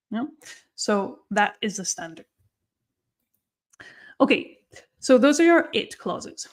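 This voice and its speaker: A woman teaching English grammar in a live online lesson, explaining patiently and often checking in with "okay?" and "no?". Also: mid-range voice.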